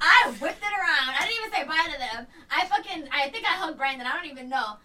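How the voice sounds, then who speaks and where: A woman telling a story to friends in animated, profane casual chat, laughing often. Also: high voice, quick pace. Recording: far from mic, loud chatter behind.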